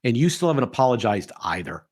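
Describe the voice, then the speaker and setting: Speaking fast in a husky, medium-pitched voice, a middle-aged man hosts a podcast. He offers opinionated, lively commentary laced with mockery and the occasional impression of others.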